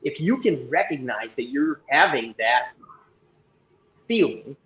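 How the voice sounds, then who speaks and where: A man guest speaks at an average pitch while he walks the listeners through a breathing exercise. His delivery is instructive and coaching. The recording carries a roomy echo. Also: lively intonation, slow, fairly bright tone, highs cut off.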